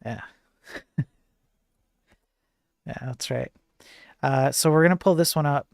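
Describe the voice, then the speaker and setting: A man's voice: mid-range voice, slow, vocal fry, a little mellow, no room sound, clean studio sound. A man hosting a casual live-streamed tech news show, rambling and chatty with lots of fillers and jokey asides to his chat.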